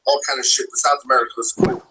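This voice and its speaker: A man's voice: mid-range voice, steady tone, quick pace, pushed and bright, breathy edge, rough recording. A man in a rambling, profane rant, piling up angry claims and swear words.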